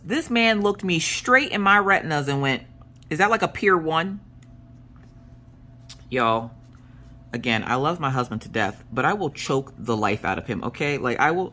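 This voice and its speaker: A woman in her thirties, a crafting vlogger, telling stories in a chatty, animated way with joking asides. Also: deep voice. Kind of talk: casual storytelling chat.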